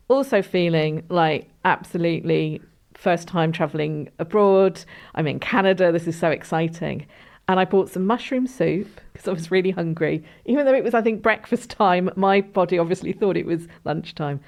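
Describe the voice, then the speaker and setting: A British woman hosting a podcast, telling stories in a casual, animated way and laughing often. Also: on the low side. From Britain. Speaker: podcast host. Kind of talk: casual chat.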